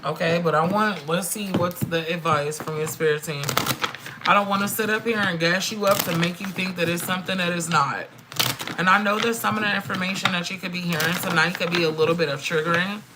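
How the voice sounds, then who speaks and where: A middle-aged woman does a live-stream tarot reading in a fairly low voice, talking fairly quickly over a very noisy recording. She's frank and animated, swears, and calls her viewers girl and friend.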